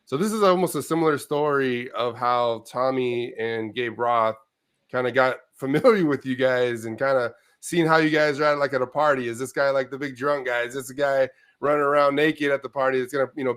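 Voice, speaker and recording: A man hosting a relaxed interview, setting up each question with a long, rambling lead-in before handing it over. His voice is smooth and resonant and sits at an ordinary pitch. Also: brisk. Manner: rambling, loose setup of questions. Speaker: interview host.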